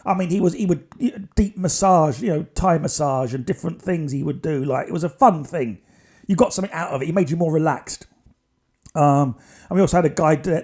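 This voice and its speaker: A man with a fairly high voice tells a long story on his podcast. He rambles from one thing to the next in a casual way and keeps dropping dry little asides. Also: mellow. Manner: chatty, digressive, wry asides. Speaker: podcast host.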